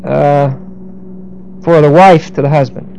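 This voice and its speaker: A middle-aged man preaching verse by verse, unpacking Greek grammar with homely asides and dry humor. His voice sits a little high yet sounds mellow and dark. A faint hiss runs under the recording. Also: steady tone, measured pace, creaky, low-quality recording. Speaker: pastor. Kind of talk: verse-by-verse sermon.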